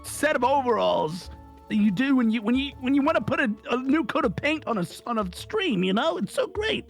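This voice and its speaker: Raspy, high, lively streamer guest, joking and quick to leap into voices, faint music underneath. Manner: excitable and joking, slips into character voices. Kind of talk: casual chat on a live stream.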